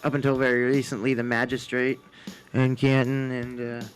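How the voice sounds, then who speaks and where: A man talking as a guest on a casual podcast. He rambles in a relaxed way and fills gaps with "like.". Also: mid-range voice, moderate pace, smooth, faint music behind. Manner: relaxed, rambling, with many "like" fillers. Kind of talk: casual conversation.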